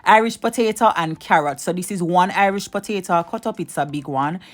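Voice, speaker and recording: A woman's voice: lowish voice, a little fast. A woman hosting a cooking video, chatting with viewers and giving step-by-step tips. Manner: chatty, addresses viewers directly, repeats advice. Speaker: cooking channel host. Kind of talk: casual cooking tutorial.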